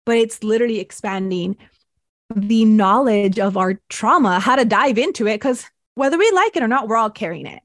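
A woman's voice: on the high side, animated, normal speed, dry recording. A woman, a podcast guest and breathwork mentor, telling her life story in a casual interview and acting out her past thoughts as quotes.

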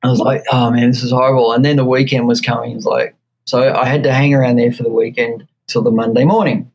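A man with an Australian accent, a guitar maker being interviewed, telling an animated story and acting out the quotes. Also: mid-range voice, fast, poor audio. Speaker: guest luthier.

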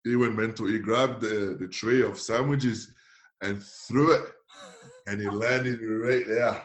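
Animated, laughing former footballer telling stories. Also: male voice, on the low side, measured pace. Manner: animated, laughing often, acting out others' voices. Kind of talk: casual storytelling in an interview.

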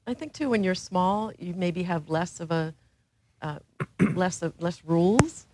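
Woman panelist, lowish voice, frank and jokey. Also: a little slow, noisy background. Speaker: panel speaker. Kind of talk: casual talk on a panel.

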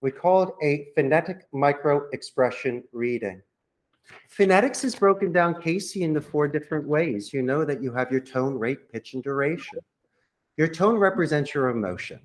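A man who runs a call center, a guest on a podcast, coaching listeners on phone sales with lively acted-out sample calls. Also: a little high, moderate pace. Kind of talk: podcast interview, coaching monologue.

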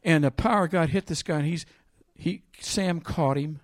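A man preaching a sermon, reading scripture aloud with loud emphasis and telling a personal story in a quieter voice. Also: a little high, normal speed, no echo, clean studio sound.

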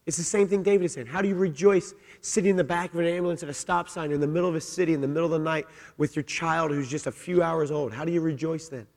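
A middle-aged man preaching a sermon as senior pastor, asking his congregation questions and moving between quiet personal storytelling and rising, emphatic exhortation. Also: fairly high pitch, fairly even intonation, fast, few pauses. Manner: asks the congregation direct questions. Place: church sanctuary. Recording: long hall reverb in a church.

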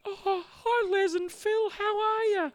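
Someone putting on a high, hesitant Australian woman caller. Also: steady tone, no room sound, clean studio sound. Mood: confused. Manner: hesitant, halting, easily confused. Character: chirpy, confused woman caller from up north.

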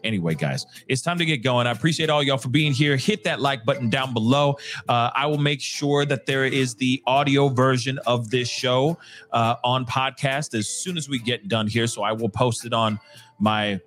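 A man's voice: mid-range voice, normal speed, fairly bright tone. A man hosting a casual live news commentary show, talking straight to his viewers and laughing at his own jokes.

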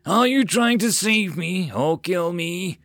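Guy doing a huffy she-dragon, growly and bossy, higher and slow, dry sound. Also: sing-song, fairly bright tone, dry recording, heavily acted. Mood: indignant. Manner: growling, indignant. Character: proud, touchy female red dragon.

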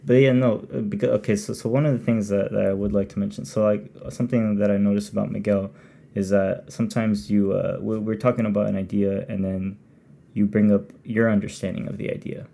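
A man co-hosting a casual podcast chat, halting and full of restarts as he searches for his point. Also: fairly low pitch, level tone, creaky, warm tone. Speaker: podcast co-host.

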